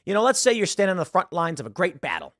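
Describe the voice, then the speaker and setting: A man's voice: high voice, wildly swooping pitch, racing, a bit bright, no room sound, studio quality. A man giving emphatic online commentary, often repeating words as he pushes his points. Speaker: political commentator.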